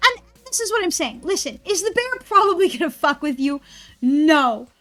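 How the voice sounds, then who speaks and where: High-voiced, swearing woman streamer. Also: big pitch swings, moderate pace, a bit bright, faint music behind. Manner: profane, ranting, rambling. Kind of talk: casual stream chat.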